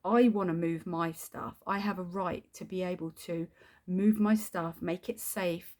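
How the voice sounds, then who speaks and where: A woman's voice: lowish voice, steady tone, unhurried, darkish tone. A woman venting in a video diary, swearing often as she rants. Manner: swears a lot, ranting. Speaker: video diarist. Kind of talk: angry venting vlog.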